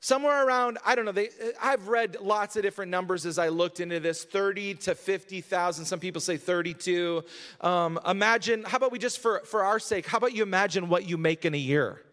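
This male pastor's voice sits high and sounds a bit bright, and he talks fairly quickly. His sermon starts conversational and rises to emphatic peaks, recorded in a sanctuary with long reverb.

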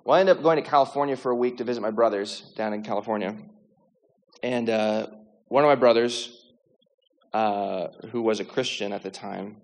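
A man telling a personal faith testimony in a lively, animated way, acting out the dialogue and using lots of filler words. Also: lowish voice, normal speed. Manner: lively, acts out quoted dialogue, many "like" fillers. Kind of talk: animated storytelling. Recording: long hall reverb.

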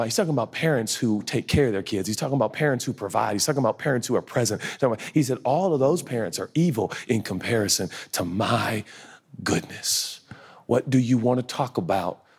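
A man preaching a sermon, a father, lively and talkative, who leaps into high acted voices and drops to soft, quiet lines. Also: husky. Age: adult, a father. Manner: animated, jumps into high-pitched acted voices, then drops low and soft. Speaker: pastor.

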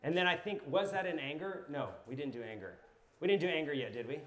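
A man preaches to a live group with energy, firing questions at the room and turning to stories from his own life. His speaking voice sits a little higher than most men's. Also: fast. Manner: energetic, asks the audience questions, tells personal stories. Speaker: pastor teaching a class. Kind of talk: sermon-style teaching to a live group.

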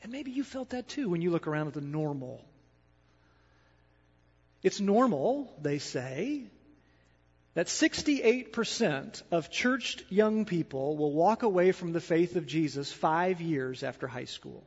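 A male pastor preaching a sermon, swinging between loud emphatic declarations and hushed asides to the congregation in a church sanctuary. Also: on the high side, animated, measured pace, slightly rough. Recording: dull sound with long hall reverb.

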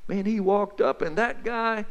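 A man telling Bible stories as a folksy, excited back-and-forth chat between two friends. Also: high-pitched, unhurried, clear, resonant tone, in a large hall. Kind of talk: two-voice dramatized Bible storytelling.

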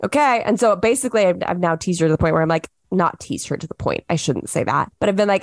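Animated woman podcast host, dry sound. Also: lowish voice, fast talker, few pauses, no room sound. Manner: animated, acts out what she says to clients. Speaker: podcast host, wedding planner. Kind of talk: casual advice chat.

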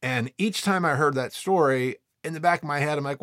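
A man who teaches freediving, talking casually and telling stories in a quick, animated way, acting out what students said. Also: mid-range voice, dry recording, clean studio sound. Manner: animated, quick, acts out quoted people. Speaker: freediving instructor. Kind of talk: casual storytelling talk.

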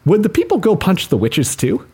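A man riffing through a jokey podcast chat, his voice husky and breathy. His pitch swings widely as he builds silly ideas. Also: huge pitch swings, normal speed, dark tone. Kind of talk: casual comedic podcast chat.

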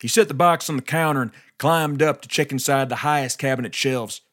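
A man's voice: mid-range voice, a little fast, a bit bright. A man narrating a scripted historical story, with folksy, wry asides.

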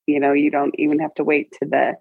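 A woman around forty, a guest in an interview, tells a personal story in an emotional, halting way with many restarts. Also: low voice, monotone, creaky, slightly rough, dry recording, phone-quality sound.

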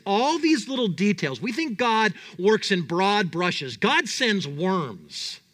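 A man with a bright, high voice preaches a sermon in a conversational, animated way. He keeps putting questions to his listeners, and his tone stays lively and engaged. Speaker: pastor.

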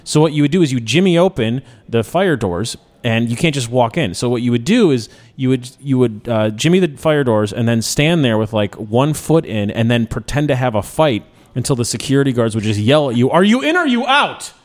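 A man's voice: medium pitch, a little fast, hardly any pauses, a little mellow. A man in his thirties from Chicago hosting a radio show in casual, joking, self-mocking chat. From Chicago, USA.

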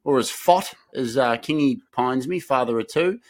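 A man's voice: mid-range voice, normal speed. An Australian man in his thirties co-hosting a podcast, bantering in a laid-back way with rambling restarts. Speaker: podcast co-host. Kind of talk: casual comedic podcast chat.

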